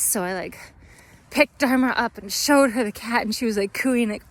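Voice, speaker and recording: A woman's voice: fairly high pitch, normal speed. A woman from the United States telling a travel story to camera in a chatty way, laughing often and full of fillers. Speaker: vlogger.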